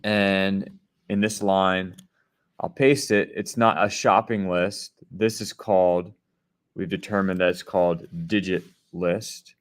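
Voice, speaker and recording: A man leads a coding lesson with a somewhat low voice. He explains each step patiently and keeps checking that his students follow along. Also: flat delivery, slow pace, clear, resonant tone. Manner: step-by-step explaining, often checking in with "right?" and "okay?". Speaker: programming teacher. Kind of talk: screen-share coding lesson.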